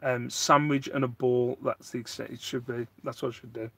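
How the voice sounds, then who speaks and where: A man's voice: mid-range voice, normal speed, gravelly, breathy edge. A man, hosting a casual live stream, rambling and answering viewer chat, getting worked up at times. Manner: rambling, animated, gets worked up.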